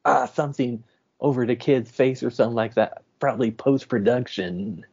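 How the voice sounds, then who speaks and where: A man co-hosting a podcast, recapping a movie plot in a relaxed, giggly way. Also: medium pitch, moderate pace, slightly rough, dull audio. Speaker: podcast co-host.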